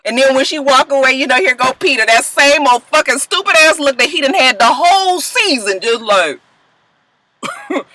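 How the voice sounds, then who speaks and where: Sassy woman ranting with lively pitch. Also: normal speed, poor audio. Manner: profane, sassy, animated, laughs often. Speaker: reality TV reviewer. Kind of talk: casual recap with commentary.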